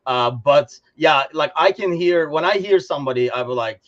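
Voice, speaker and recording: A man from Turkey with a Turkish accent, hosting a casual talk show in an animated, swearing manner. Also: on the high side, normal speed, highs cut off. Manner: swearing, laughing, animated storyteller. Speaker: host. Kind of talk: casual podcast chat.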